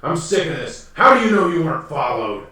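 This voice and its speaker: A man's voice: a little high, sing-song, a little fast, bright, forceful tone. A man voicing a savage male werewolf gang boss who scolds his underling in a menacing way. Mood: angry. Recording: echoey room from far off.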